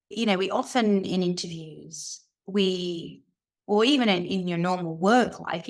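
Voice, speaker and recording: Low-voiced woman podcast co-host. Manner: reflective, speaks in short halting phrases with restarts. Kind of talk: casual discussion.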